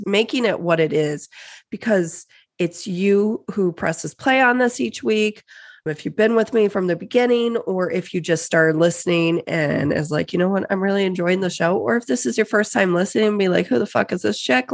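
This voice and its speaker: A young adult woman hosting her own podcast, talking casually and candidly, swearing freely and getting excited. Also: medium pitch, gravelly. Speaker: podcast host. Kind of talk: casual solo podcast talk.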